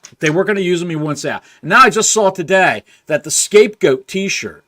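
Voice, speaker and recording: A man's voice: sits high, expressive, a little fast, pushed and bright. Man ranting with rhetorical questions. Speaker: podcast co-host. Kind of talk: casual wrestling podcast chat.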